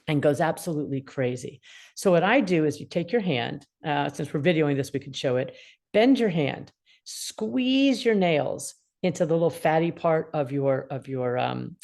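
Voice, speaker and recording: A woman's voice: low-pitched, normal speed, gravelly. A woman in her sixties, an attorney mediator, explaining parenting advice and acting out what upset teens feel. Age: 60s. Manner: animated, acts out quoted feelings.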